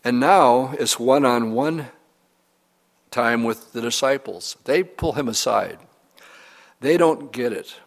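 A man's voice: mid-range voice, vocal fry. Earnest male preacher in a reverberant hall. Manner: earnest, expressive reading of scripture with pauses. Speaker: pastor. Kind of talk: sermon.

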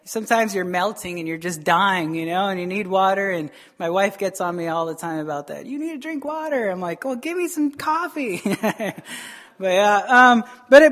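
Male pastor, conversational sermon, talks to the congregation like friends, throws in quick acted lines. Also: high voice, fairly bright tone. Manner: chatty, keeps asking "right?" and acts out quick voices.

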